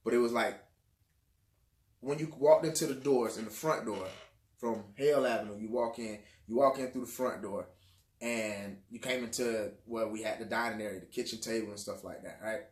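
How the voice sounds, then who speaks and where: A man's voice: on the low side, normal speed. A man casually recounting childhood memories, rambling and repeating phrases, with informal dialect grammar. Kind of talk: casual spoken memoir. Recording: roomy echo.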